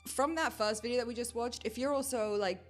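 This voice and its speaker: A woman's voice: fairly high pitch, fairly quick, soft background music. A woman hosting a livestream, reacting to clips with emphatic, exasperated commentary. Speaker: livestream host.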